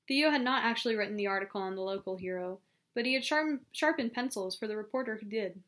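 A woman reading a novel aloud as an audiobook narrator, in a steady storytelling manner. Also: medium pitch, fast talker. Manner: steady storytelling with small self-corrections. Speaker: audiobook reader. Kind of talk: scripted narration.

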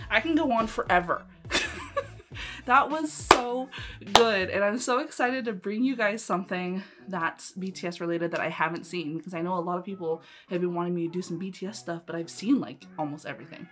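A woman reacting to a music video, gushing with quick exclamations and casual asides. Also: fairly low pitch.

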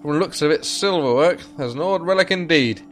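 A man voicing a hearty, loud woman blacksmith's daughter in a game, in a put-on regional accent. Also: fairly high pitch, a little fast, soft background music, voice pushed up, lightly acted. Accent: put-on British regional accent. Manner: loud, bellowing, excited.

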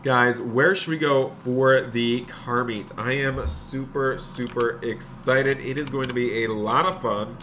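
Bright-voiced man streaming a game. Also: mid-range voice, fairly even intonation, measured pace, few pauses, slight background noise. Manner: chatty, talks to chat while playing a bank clerk. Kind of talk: live game role-play commentary.

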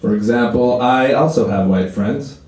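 A man's voice: mid-range voice, normal speed, darkish tone. A man in his thirties from Canada, doing a crude, self-deprecating stand-up comedy set on a club stage. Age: 30s. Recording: echoey comedy club with audience noise.

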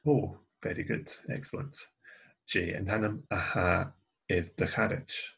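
A man's voice: low voice, steady tone, measured pace, vocal fry, fairly bright tone, breathy edge, muffled recording. A man teaching a recorded language lesson, reading dialogue lines aloud and then translating and explaining them. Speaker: language tutor.

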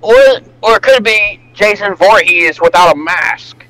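A man hosting a casual reaction video over voice chat, excitable and swearing often with loud outbursts. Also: high voice, measured pace, no echo, rough recording.

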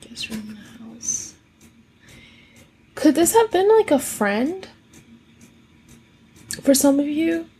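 A woman's voice: high voice, sing-song, slow, long pauses, warm tone, a little hiss or hum. A woman giving a casual tarot reading, musing aloud with rhetorical questions and reciting song lyrics. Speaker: tarot reader.

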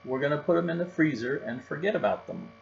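A firm, no-nonsense mother bear, read out by a man in a storybook lays down the rules in a matter-of-fact tone. The sound is a bit dull, with a low hum behind. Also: fast, creaky. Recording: dull recording with faint hum.

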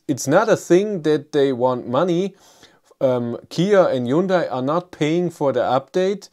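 A middle-aged man with a German accent hosting a live stream. He answers viewer comments in a casual, halting way, with many fillers and restarts, and reads chat questions aloud. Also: medium pitch, a little mellow. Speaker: livestream host.

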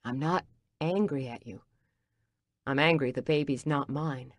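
Woman reading a soft-spoken tender man. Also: extremely low pitch, a little slow, no room sound. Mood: hurt. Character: earnest man, the heroine's tender ex-lover.

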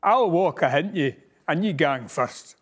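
A man voicing a big, hungry, gullible male monster with a gruff Scottish accent in a storybook reading in Scots. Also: a little high, animated, unhurried, fairly bright tone, full character voice. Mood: wary.

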